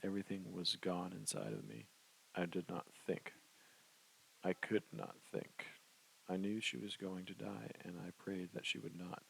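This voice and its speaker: एक आदमी उपन्यास को पहले पुरुष में धीमे, गंभीर अंदाज़ में पढ़कर सुना रहा है।. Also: male voice, deep voice, little pitch movement, a little slow, gravelly, slight background noise, poor audio. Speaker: audiobook narrator. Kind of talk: first-person novel narration.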